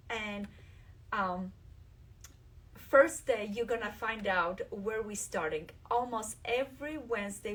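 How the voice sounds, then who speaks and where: Enthusiastic quilting host, a bit off-mic. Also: female voice, mid-range voice, slightly rough, recorded from a distance. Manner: enthusiastic, shows fabrics while talking. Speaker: quilt designer hosting a live stream. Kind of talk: live craft demonstration.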